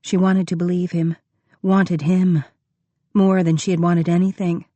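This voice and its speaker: Woman, audiobook narrator, measured expressive reading, low pitch, warm tone. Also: no room sound. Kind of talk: scripted narration.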